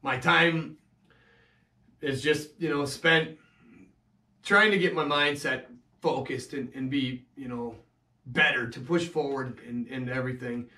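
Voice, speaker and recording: A man's voice: medium pitch, fairly even intonation, pushed and bright, roomy sound, distant mic. Man telling a hard personal story. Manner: halting, emotional, many restarts and fillers. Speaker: vlogger telling his own story.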